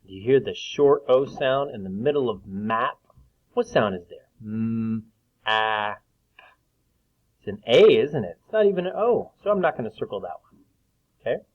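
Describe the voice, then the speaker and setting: Patient male teacher, tinny sound. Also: fairly low pitch. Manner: slow, patient, drawn-out sounds; clears his throat now and then. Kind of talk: phonics lesson for young children. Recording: tinny phone-like recording.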